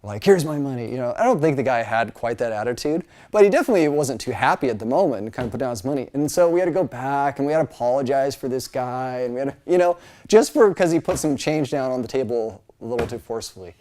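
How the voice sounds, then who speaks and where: Lecturing informally at a Bible college, a middle-aged man from the United States speaks quickly with few pauses in an animated, mid-range, darkish voice. Asides and fillers run through his talk, and now and then he mimics others' voices.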